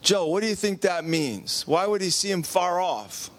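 Male pastor, high voice, chatty sermon, acts out the story, quizzes the room. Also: moderate pace, slight background noise. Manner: animated, acts out quotes, asks the congregation questions. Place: church.

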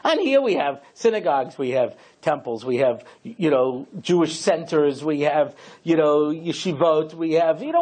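A man's voice: on the high side, lively intonation, moderate pace, few pauses, darkish tone. A man, a rabbi, giving a humorous lecture, telling stories with lots of conversational asides. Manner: storytelling with lots of you-know asides.

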